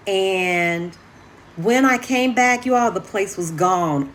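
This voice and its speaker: A woman vlogging from her apartment in a chatty, animated way, often calling her viewers y'all. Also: medium pitch, slow. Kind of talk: casual chat to camera.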